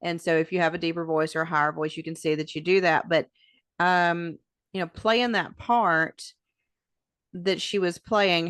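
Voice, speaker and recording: In studio-quality audio with no room sound, a podcast co-host chats casually, thinking out loud with plenty of fillers. Her voice sits on the low side and is a bit bright.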